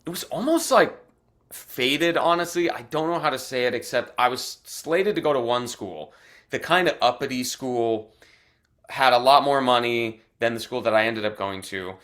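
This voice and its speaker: A young adult man from Arizona, an actor telling stories as a guest, animated and chatty with lots of "like" fillers. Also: medium pitch, normal speed. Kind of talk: casual storytelling in interview.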